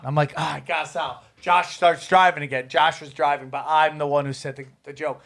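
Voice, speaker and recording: A comedian telling stories in casual podcast chat, acting out the people in them with lively voices. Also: male voice, on the high side, moderate pace, hardly any pauses. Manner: animated, acts out voices in stories.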